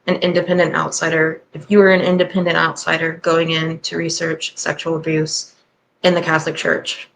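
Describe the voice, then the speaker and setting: A woman's voice: low-pitched, monotone, normal speed, gravelly, a little hiss or hum, low-quality recording. A woman hosting a reaction commentary, candid and sarcastic in her skeptical remarks. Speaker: host and commentator.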